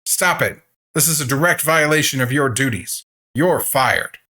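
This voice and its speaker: Man doing a shouting doctor, high-strung and indignant, voice pushed up high. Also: lively intonation, moderate pace. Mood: furious. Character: angry shouting male doctor, middle-aged.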